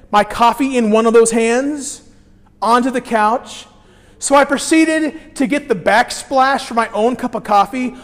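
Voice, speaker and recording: A male pastor preaching a sermon, telling a personal story with animated swings between quiet, low moments and loud bursts. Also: big-room sound.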